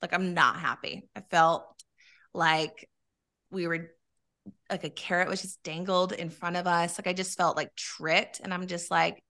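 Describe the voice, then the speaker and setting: A woman tells a personal story in a loose, candid way, with plenty of swearing. Her voice is bright and has a gravelly, fried edge to it. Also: lowish voice, unhurried. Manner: candid, animated, swears freely. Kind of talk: casual storytelling chat.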